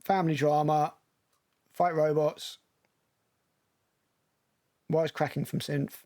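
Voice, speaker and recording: A man's voice: on the high side, level tone, slow pace, mellow. A male film critic giving blunt, sarcastic, profane commentary while reacting to a movie trailer.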